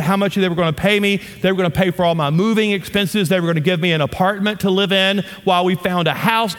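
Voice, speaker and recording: A man's voice: high voice, fairly bright tone. A middle-aged man from Louisiana, preaching a sermon as a pastor with humorous storytelling and playful asides to the audience. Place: church auditorium. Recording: long reverb of a large hall.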